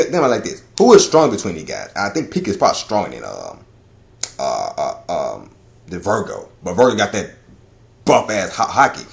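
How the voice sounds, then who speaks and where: Excitable guy rambling about a manga chapter, cussing a lot, voice bounces up and down. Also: medium pitch. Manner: animated, profane, laughs often, rambling. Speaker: anime and manga reviewer. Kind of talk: casual chapter review.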